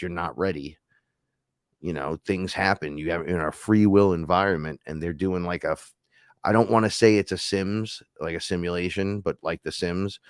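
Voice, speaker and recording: A man's voice: sits low, no echo, clean studio sound. A man hosting a live stream, telling a rambling, profane story in casual chat. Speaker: host.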